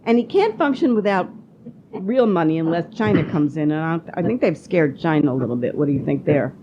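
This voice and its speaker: Opinionated woman host, low voice. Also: brisk, muffled recording, a little hiss or hum. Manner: animated, opinionated, rising to exclamation. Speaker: podcast host. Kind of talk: political interview.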